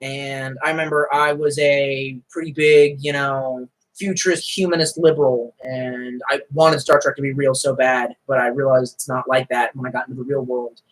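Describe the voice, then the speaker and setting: A man's voice: mid-range voice, little pitch movement, moderate pace, hardly any pauses, poor audio. A man ranting profanely on a live stream.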